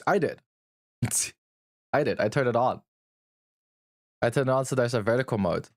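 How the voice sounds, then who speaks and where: A male streamer fires back at his chat in a blunt, profane, teasing way. His voice is of ordinary pitch and sits dry and close to the mic. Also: animated, moderate pace, no room sound. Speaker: livestreamer. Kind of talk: casual livestream chat.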